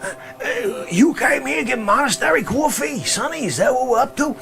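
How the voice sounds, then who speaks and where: Man doing a gravelly, shouty Bronx guy. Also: extremely high pitch, animated, normal speed, voice pushed up, exaggerated voice. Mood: shouting. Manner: rambling complaints, teasing, bursts of shouting. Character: loud brash Bronx guy, middle-aged, grumbling. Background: music.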